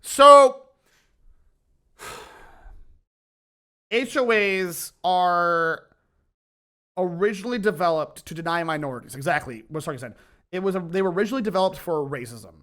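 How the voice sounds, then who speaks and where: A man's voice: sits high, lively intonation, moderate pace, pauses often, pushed and bright. A man streaming his reaction to a video, ranting heatedly and swearing, with bursts of laughter. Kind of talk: casual reaction commentary.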